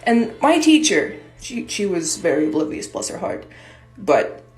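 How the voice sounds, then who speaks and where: A young woman tells a personal story in a loose, animated, chatty way, swearing freely. Her voice sits at an ordinary pitch and echoes in a roomy space with faint music behind. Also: a little slow. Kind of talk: casual storytime.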